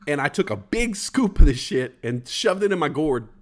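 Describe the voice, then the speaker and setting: This livestream host, a man in his forties, talks at normal speed with a fairly high pitch. He reads chat comments out loud in a playful, animated way, putting on voices for the quotes.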